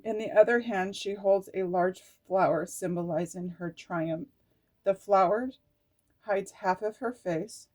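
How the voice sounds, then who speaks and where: A woman's voice: medium pitch, darkish tone. A middle-aged woman giving an emotional tarot card reading, reading card meanings aloud and breaking into laughs and tearful asides. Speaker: tarot reader.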